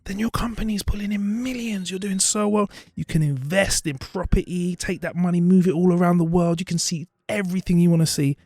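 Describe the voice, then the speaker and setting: A man's voice: sits high, brisk, hardly any pauses, a little mellow, dry recording, voice pushed up. Brief: man voicing a salesy businessman, keen and persuasive, dry close sound. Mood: persuading. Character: pushy successful businessman, adult man.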